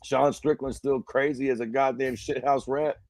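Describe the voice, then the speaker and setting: A man's voice: medium pitch, little pitch movement, moderate pace, darkish tone, no echo. A man co-hosting a fight podcast in casual chat, blunt and drawling with heavy cursing. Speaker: MMA podcast co-host.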